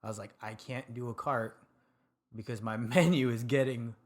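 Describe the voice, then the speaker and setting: A man from Sacramento, a podcast guest telling his story in relaxed, casual chat and swearing now and then. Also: mid-range voice, moderate pace. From Sacramento, California. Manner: laid-back, laughs often, swears casually. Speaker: podcast guest, food truck owner.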